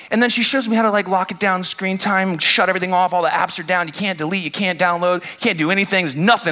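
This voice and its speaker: A man's voice: high-pitched, sharp tone. A man in his thirties, a pastor telling a self-deprecating story in his sermon, acting out his exasperation in bursts.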